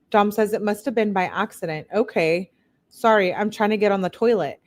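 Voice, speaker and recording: A woman's voice: mid-range voice, a little fast. Woman reading texts aloud with commentary. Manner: reads quotes in a slightly raised voice, blunt asides. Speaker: true-crime commentator.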